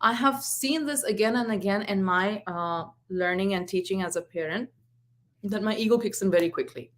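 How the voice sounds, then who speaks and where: A woman's voice: medium pitch, normal speed. A woman in her forties, a parenting coach, giving a live talk and telling stories from home with quoted exchanges. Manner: earnest, storytelling with acted quotes.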